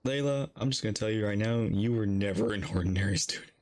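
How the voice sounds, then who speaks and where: A man's voice: fairly low pitch, fast, darkish tone. A man streaming a game reaction, chatting playfully and rambling as he goes. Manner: playful and rambling, reads lines along. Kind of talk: casual reaction commentary.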